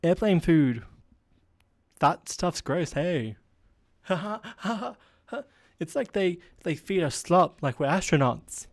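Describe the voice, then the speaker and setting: A brash young bloke working a comedy crowd with crude jokes, as a man puts him on. His voice sits higher than the speaker's plain talk and comes across loud and cocky, full of blokey banter. It is recorded dry and close, with no room sound. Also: animated, slow pace, dry recording. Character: crass, cocky young male bloke stand-up comic.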